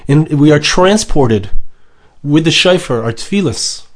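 Male rabbi, fairly high voice, emotional and emphatic sermon delivery that leans on repetition. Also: expressive, measured pace. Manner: emotional, emphatic, repeats phrases, mixes Hebrew terms.

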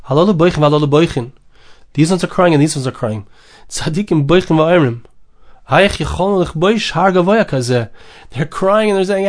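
A man's voice: a little high, animated, brisk. A man giving a Torah lecture, mixing in Hebrew and Aramaic phrases and repeating words for emphasis. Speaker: rabbi teaching Torah.

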